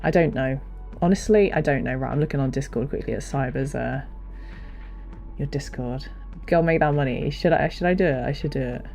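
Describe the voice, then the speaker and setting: Low-voiced woman, rambling livestream chat. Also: fairly quick, creaky, mellow, faint music behind. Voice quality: low, deep voice. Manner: rambling and chatty, self-deprecating, with many fillers and restarts. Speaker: streamer and hobby voice actor. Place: home streaming setup. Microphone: desk mic on a stand.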